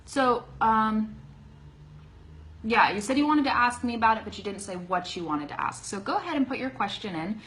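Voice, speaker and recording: A woman's voice: a little high, animated, moderate pace, fairly bright tone, poor audio. A woman with a Californian accent giving a live online English lesson, chatty, laughing often and checking in with "okay?". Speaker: English teacher.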